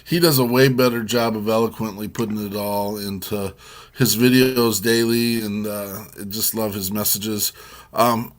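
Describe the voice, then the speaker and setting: A man's voice: on the low side, fairly even intonation, measured pace. A man co-hosting a casual chat show, telling a long story with many restarts. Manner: rambling, warm storytelling with restarts. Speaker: co-host.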